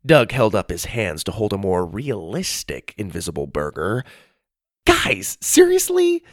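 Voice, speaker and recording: A man reading a children's story aloud as narrator, in an expressive storytelling manner. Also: low-pitched, moderate pace, dry recording, clean studio sound.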